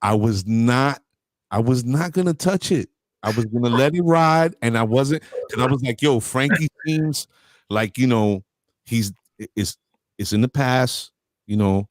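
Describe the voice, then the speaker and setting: A man's voice: medium pitch, animated, a little slow, dry recording. A man hosting a casual chat, playful and slangy as he teases his guest. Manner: playful, joking, slangy banter. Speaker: host.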